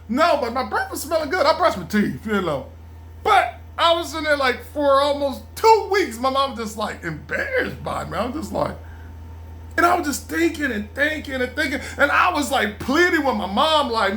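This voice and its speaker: A middle-aged man casually telling a rambling personal story, repeating phrases, laughing often and mimicking his mother in a lower murmur. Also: sing-song, fairly quick, pushed and bright. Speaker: vlogger.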